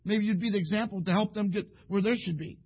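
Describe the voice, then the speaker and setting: Folksy husky-voiced preacher man. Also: high-pitched, fast, darkish tone. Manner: folksy, rambling, acts out quoted couples. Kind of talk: sermon.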